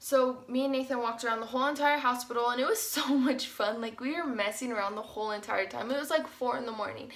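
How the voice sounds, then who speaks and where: A young woman tells a story to her viewers in a loose, chatty way, full of "like" and "you guys." Her voice sits a little high and sounds bright and forward. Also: fast, hardly any pauses. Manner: chatty, animated, says "like" often. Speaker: vlogger. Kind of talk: casual storytime.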